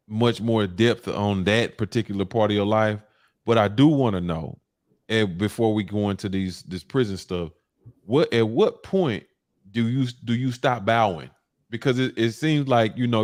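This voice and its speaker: A man hosting a casual interview, halting and repeating words as he shouts out viewers and asks questions. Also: lowish voice, no echo, studio quality. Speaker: host.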